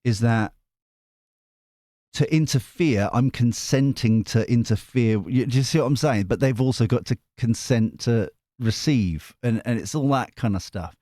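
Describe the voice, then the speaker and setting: A man's voice: mid-range voice, measured pace, mellow, dry recording, clean studio sound. A man, a tarot reader, chatting casually to his viewers in a rambling, playful way. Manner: rambling, self-interrupting, playful.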